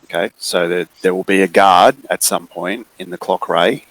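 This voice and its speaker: A man, running a tabletop game and describing the scene with many pauses and fillers. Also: low voice, fairly even intonation, fairly bright tone, no room sound, poor audio. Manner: unhurried, hesitant with many fillers. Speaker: game master.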